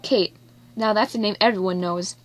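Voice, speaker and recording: A woman voicing an excitable, giggly little girl who talks eagerly. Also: medium pitch, normal speed, dry recording, lightly acted.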